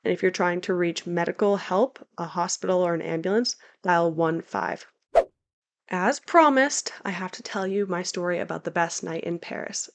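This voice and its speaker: A young woman gives casual travel advice with an upbeat, chatty energy. Her voice sits a little lower than most women's and she keeps an enthusiastic, friendly flow. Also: creaky. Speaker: travel guide. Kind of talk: casual travel vlog talk.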